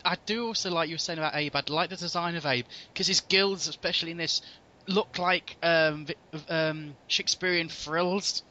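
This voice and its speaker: A man in casual conversation about films, lively and halting, often restarting his sentences. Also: on the high side. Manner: animated, halting with restarts, mimics lines. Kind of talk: casual film discussion. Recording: dull lo-fi audio.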